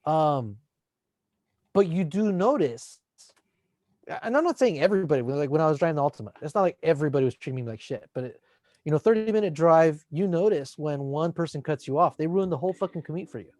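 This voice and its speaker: A man's voice: a little high, expressive, fast, darkish tone, dry recording. A man, a teacher and podcast co-host, talking in a laid-back, reflective way with casual swearing. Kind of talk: casual chat.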